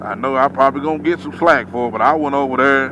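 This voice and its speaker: A man's voice: mid-range voice, racing, background noise. A man, a truck driver, telling a story in a casual, drawling way and acting out his own reactions.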